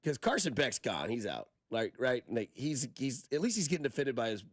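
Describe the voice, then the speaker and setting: A male sports radio co-host chats in a wry, casual way and often trails off mid-thought. His voice sits at a middle pitch. The recording is dry and close, with no room echo. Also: sing-song, a little fast.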